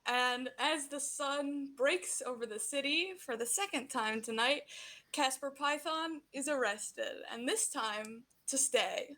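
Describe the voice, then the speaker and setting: Woman game master, high bright voice, casual storytelling. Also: slow pace. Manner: casual narration with fillers. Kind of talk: narrating a tabletop game.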